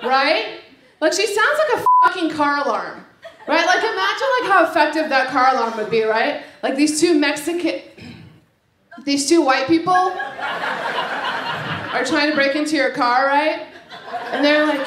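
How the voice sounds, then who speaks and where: Crowd noise echoes through the club as a woman with Lebanese family roots performs a brash, profane stand-up set into a handheld mic. Her high voice is animated, and she follows every joke with a quick "right?" to check in with the audience.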